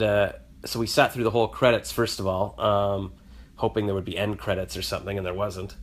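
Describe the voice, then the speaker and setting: A man's voice: on the low side, a bit bright. Congested man rambling through a vlog story. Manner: rambling, self-mocking, acts out quoted voices. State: congested, nasal from a cold. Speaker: vlogger.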